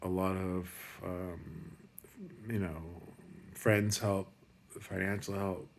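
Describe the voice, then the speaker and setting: A man's voice: low-pitched, fairly even intonation, takes it slowly, creaky, slight background noise. A man giving a rambling, profane pep talk in a casual monologue. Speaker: motivational speaker.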